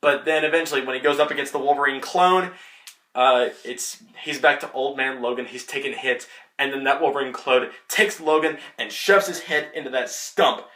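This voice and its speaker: A young man giving a casual, rambling movie spoiler review as a vlogger, excitable and full of fillers. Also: mid-range voice, normal speed. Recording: echoey room.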